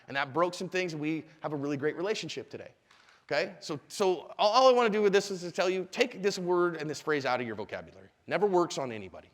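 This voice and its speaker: High-voiced animated male instructor. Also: fast talker, in a large hall. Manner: animated, asks the audience questions. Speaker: self-defense instructor. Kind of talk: live class lecture.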